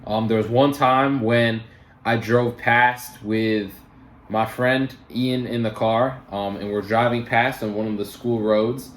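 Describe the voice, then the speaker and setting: A man's voice: mid-range voice, steady tone, slow, a little hiss or hum. Young guy venting a storytime vlog, mid voice, swears a lot, echoey room. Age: young adult. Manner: casual, heated, swearing, many fillers. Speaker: vlogger.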